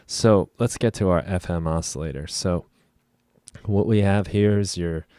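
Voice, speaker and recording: A man giving a casual music production tutorial at his computer, explaining each knob in a relaxed way with frequent ums, over loud instrument sounds. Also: low-pitched, measured pace, dry recording, studio quality. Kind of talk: casual screen-recorded software tutorial. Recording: loud instrument demos behind the voice. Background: loud synth and trumpet sounds playing.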